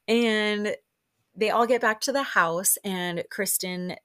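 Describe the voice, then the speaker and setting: A woman's voice: medium pitch, takes it slowly, fairly bright tone, no echo, studio quality. A woman hosting a casual recap podcast, talking in a chatty, exasperated way and acting out quotes in raised voices. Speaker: podcast host recapping a reality show.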